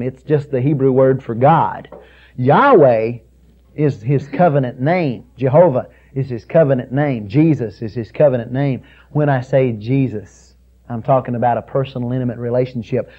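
A man preaching a sermon, emphatic and rising to loud peaks on scripture, then dropping soft and low. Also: muffled recording. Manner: drops soft and low on intimate points.

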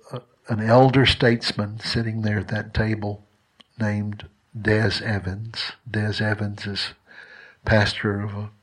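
A man's voice: fairly low pitch, slightly rough. A man preaching a sermon in a conversational, earnest way, telling a personal story and often restarting his sentences.

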